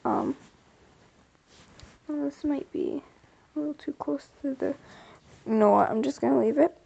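Woman, high-pitched, slow-paced, casual gameplay commentary, chatty and rambling. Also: creaky, mellow, lo-fi sound. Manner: chatty, rambling, talks to herself and viewers. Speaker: gameplay video host.

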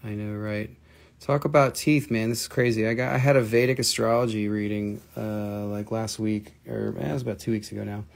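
Male live-sale host with a gravelly voice, casual and chatty, jokes between prices. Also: fairly low pitch, fairly even intonation, brisk. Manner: chatty and joking. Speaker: host selling crystals on a live stream. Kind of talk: casual live sales stream.

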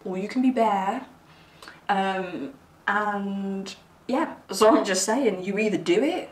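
A woman's voice: mid-range voice, slow pace. A woman giving a casual tarot reading, chatty and giggly, rambling with plenty of fillers. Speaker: tarot reader. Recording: roomy sound, mic at a distance, faint background hiss.

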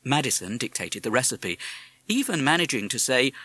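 A man narrating a children's storybook in a measured, expressive way. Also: medium pitch, breathy edge, no room sound. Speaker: audiobook narrator.

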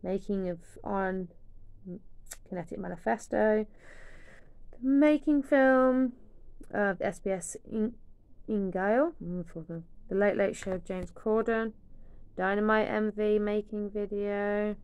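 A woman's voice: mid-range voice, little pitch movement, a little slow, darkish tone, clean tone, no echo. A young woman chatting casually through an unboxing, swearing now and then and dropping into whispers. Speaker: vlogger.

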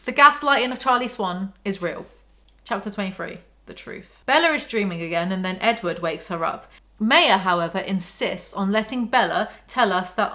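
A woman's voice: medium pitch, lively intonation, normal speed, pushed and bright. A woman reviewing a novel, reading passages aloud and breaking off into sarcastic, exasperated commentary. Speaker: book reviewer.

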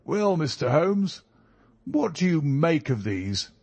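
Brief: anxious, earnest country squire, raised pitch, unhurried, put on by a male reader. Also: sing-song, creaky, a little mellow, slightly rough, exaggerated voice. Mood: worried. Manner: earnest and worried pleading. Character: anxious hearty country gentleman, middle-aged man.

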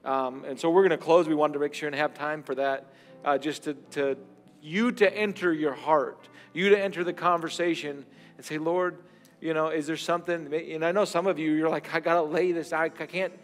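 A man pastor closes the service with an altar call and prayer, speaking haltingly with many fillers. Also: on the high side, fairly even intonation. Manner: halting, many fillers, builds into fervent exhortation. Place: church sanctuary. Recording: church hall reverb with soft music.

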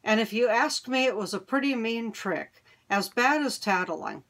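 A woman's voice: fairly high pitch, expressive, normal speed, fairly bright tone. A woman voicing a grumpy young schoolboy who talks bluntly and scowls, in a storybook reading. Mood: accusing.

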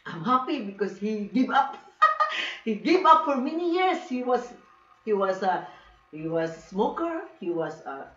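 A woman with a Filipino accent giving an emotional personal testimony, speaking broken English mixed with Cebuano. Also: mid-range voice. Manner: emotional, animated storytelling, laughs often. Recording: roomy, distant, dull lo-fi sound.

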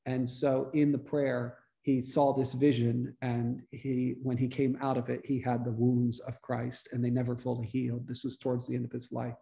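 A man, a priest, giving a relaxed, conversational teaching talk to a church study group, restarting his sentences often. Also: mid-range voice, normal speed, vocal fry, few pauses. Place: church meeting room.

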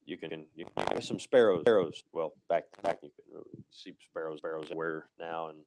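A man's voice: extremely low pitch, fairly quick, vocal fry, darkish tone, poor audio. A male pastor giving a casual, conversational sermon, with many restarts and a habit of asking "right?".

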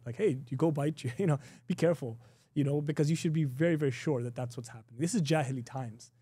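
Middle-aged guy teaching a class, mellow dry voice, laughs a lot, lots of "you know". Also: medium pitch, dry recording. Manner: conversational, laughs often, many restarts and "you know"; acts out quoted exchanges in a raised voice. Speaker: Islamic teacher. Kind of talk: informal recorded class.

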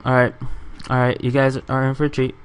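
A man's voice: mid-range voice, monotone, a little fast, clean tone. A young man in casual game commentary, giving a walkthrough of his build and rambling, self-correcting and swearing now and then. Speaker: gaming channel host.

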